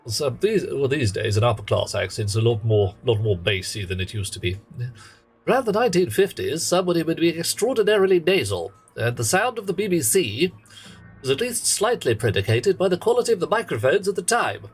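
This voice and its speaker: A man's voice: on the high side, big pitch swings, brisk, slightly rough, faint music behind, poor audio. A man giving casual, rambling commentary while streaming a game, wry and full of playful asides. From England. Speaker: livestreamer.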